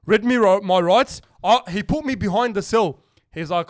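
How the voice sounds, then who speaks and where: A man's voice: high-pitched, moderate pace. A young man, hosting a casual podcast and telling stories animatedly, acting out other people's lines and swearing freely. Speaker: podcast host.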